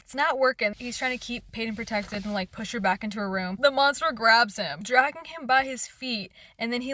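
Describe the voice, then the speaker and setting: A woman's voice: a little high, a bit bright. A young woman vlogger recapping a book in a casual, gushing, chatty way, peppered with "like". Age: young adult.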